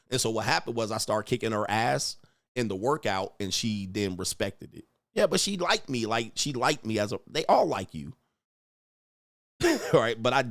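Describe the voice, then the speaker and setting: A man's voice: on the low side, fairly bright tone, no echo. A man on a livestream telling a rambling story in crude language, laughing often and checking in with "all right?". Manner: profane, laughs often, acts out quoted voices. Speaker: streamer and fitness coach. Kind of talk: casual opinion rant and storytelling. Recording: dry close mic.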